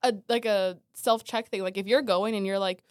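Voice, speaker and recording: A woman's voice: mid-range voice, fairly even intonation, moderate pace, no echo. A woman on a casual Christian podcast, mostly adding short affirmations, then recounting a personal story.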